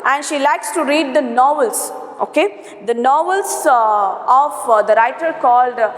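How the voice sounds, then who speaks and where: A high-pitched woman with an Indian English accent explains a textbook lesson in a slow, repetitive way, with many fillers and an "okay?" after each point. Her voice rings in a bare, echoey room with a long reverb tail. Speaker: English teacher.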